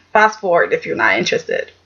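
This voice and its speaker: A woman casually recapping a soap opera episode in a chatty, sassy way, with animated asides. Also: sits low, normal speed. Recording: muffled, loud background noise.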